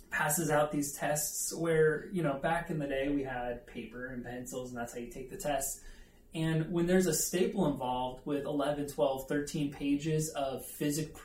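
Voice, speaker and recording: A man's voice: fairly high pitch, a little hiss or hum. A man preaching a conversational sermon, telling a self-deprecating story with asides to the audience. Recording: echoey room, mic at a distance.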